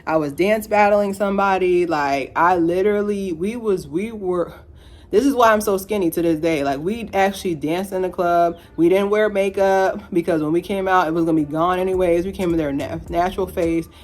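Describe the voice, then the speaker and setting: A woman in her thirties with a fairly low voice, giving her opinions straight to camera. She talks casually and with energy, laughing often and slipping in playful asides. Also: moderate pace, darkish tone. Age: 30s. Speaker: vlogger.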